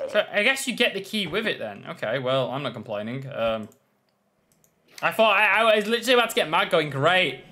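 A young man commentating his own video game play, excitable, swearing and shouting when surprised. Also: sits high, brisk. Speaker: gaming channel host.

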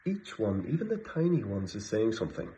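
Man reading as George, a gentle wondering bear. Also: on the low side, sing-song, fairly quick, slight background noise. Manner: soft, wondering, hushed. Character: gentle curious male bear, wistful and polite. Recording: slightly muffled lo-fi sound.

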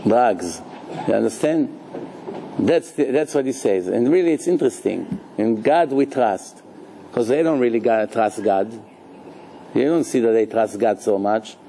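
A man, a rabbi, giving a live Torah lecture in a lively, joking way, questioning his listeners and sprinkling in Hebrew terms. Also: medium pitch, normal speed, a little hiss or hum.

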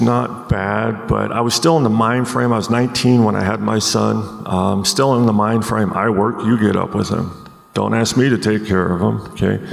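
A man in his forties earnestly telling his life story as a podcast guest, halting with many ums, recorded live at a conference. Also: fairly low pitch, creaky, long reverb tail.

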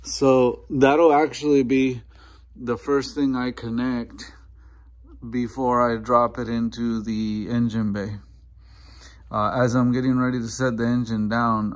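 A man walking through an engine swap in a garage, talking casually with many ums and uhs. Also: medium pitch. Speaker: mechanic showing an engine swap. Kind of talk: casual walkthrough narration. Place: garage workshop.

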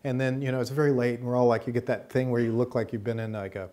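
A middle-aged American man teaching a class through a long personal anecdote. His voice sits at an ordinary pitch for a man. He tells the story in a lively way and acts out the voices of the people in it. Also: quick pace. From United States. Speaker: course teacher.

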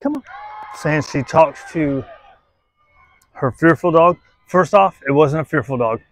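A male dog trainer giving casual, on-the-spot commentary while he works a dog, blunt and quick to swear, tagging his points with "right?" and switching to a high coaxing voice for the dog. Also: no echo. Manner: blunt, tags sentences with "right?", swears freely; coaxes the dog in a much higher voice between explanations. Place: outdoors at a playground jungle gym.

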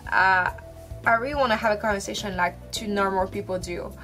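A young woman talking to camera from her room in a casual, emotional vlog, halting with restarts and fillers. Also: mid-range voice, fairly even intonation, pushed and bright, soft background music. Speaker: vlogger.

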